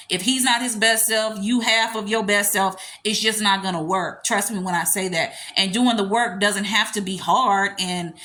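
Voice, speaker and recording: A woman's voice: mid-range voice, bright, forceful tone. A woman dating coach giving blunt, emphatic, slangy advice in a casual livestream.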